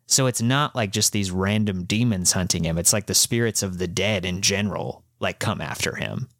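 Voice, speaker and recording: A man's voice: low-pitched, animated, moderate pace, fairly bright tone, dry recording, studio quality. A man co-hosting a podcast, recapping a manga in loose, rambling casual chat, full of fillers and casual swearing. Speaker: podcast co-host.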